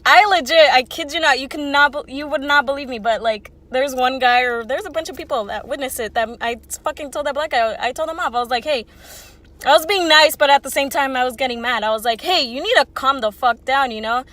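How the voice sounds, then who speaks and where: A woman's voice: high voice, brisk, fairly bright tone. A woman in her twenties telling a casual storytime, rambling and swearing freely with lots of "like". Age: 20s. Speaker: vlogger.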